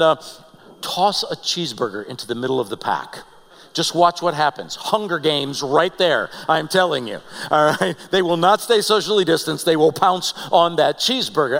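A man preaching a sermon, telling stories with animated delivery and acting out the people in them. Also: fairly high pitch. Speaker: pastor. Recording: long hall reverb.

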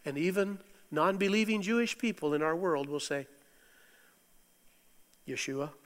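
A middle-aged man preaching a sermon, animated, swinging from loud exclamations to quiet asides with chuckles. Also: fairly high pitch, measured pace. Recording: long hall reverb.

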